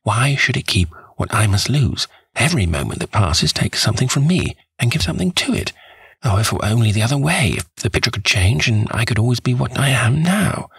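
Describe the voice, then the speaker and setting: A man reading a novel aloud, voicing a vain young man who despairs over losing his youth, in a pleading, husky voice. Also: mid-range voice, very animated, fairly quick, fairly bright tone, no room sound, clean studio sound, voice pushed up, exaggerated voice. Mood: anguished.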